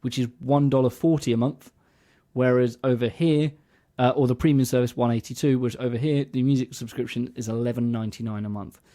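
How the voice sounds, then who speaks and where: A man's voice: medium pitch, fairly even intonation, fairly quick, few pauses, dark tone. A man co-hosting a casual music podcast, explaining things at length in a chatty way. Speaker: podcast co-host.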